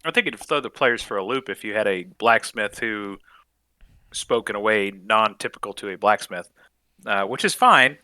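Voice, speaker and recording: A man's voice: fairly low pitch, expressive, normal speed, pushed and bright, no room sound. A man from the American South co-hosting a casual gaming podcast, talking in a frank, easygoing way. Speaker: podcast co-host.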